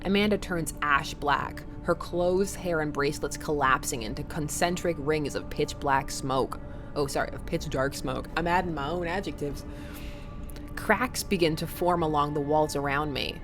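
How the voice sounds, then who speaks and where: A woman's voice: low voice, moderate pace, music in the background. A woman hosting a let's play, reading the game aloud with wry, jokey asides.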